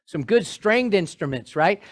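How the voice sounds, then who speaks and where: A male pastor preaching a sermon in an animated way, with joking asides to his congregation. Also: high-pitched, a little slow.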